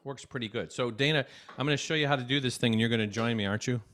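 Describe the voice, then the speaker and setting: Man, cheerful at-home kids' music teacher, smooth clear voice, mid pitch, speaks right to the children. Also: racing, fairly bright tone. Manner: upbeat, chatty, speaks straight to young viewers. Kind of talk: at-home music lesson for kids. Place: home desk.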